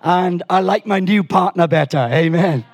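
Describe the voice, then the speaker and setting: A husky man in his sixties leads a church service with a relaxed, joking delivery. His voice sits high for a man, and he often restarts his sentences as he tells a story to the congregation. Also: normal speed. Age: 60s. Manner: chatty, joking, rambling with restarts. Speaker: guest preacher. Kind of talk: sermon with storytelling.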